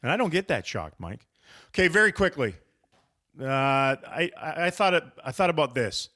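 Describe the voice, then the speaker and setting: A man's voice: a little high, sing-song, normal speed, bright, forceful tone. A man hosting a casual sports podcast, talking in a wry, teasing, rambling way. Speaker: podcast host.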